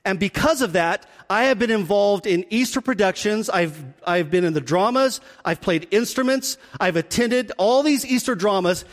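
A man preaching a sermon, telling the story with animated delivery and dropping to a hush for emphasis. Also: sits high, moderate pace, hardly any pauses. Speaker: pastor. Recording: long hall reverb.

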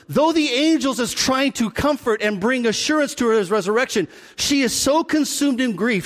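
A man preaching a sermon, telling the story with animated delivery and dropping to a hush for emphasis. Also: very high voice, moderate pace. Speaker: pastor. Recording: long hall reverb.

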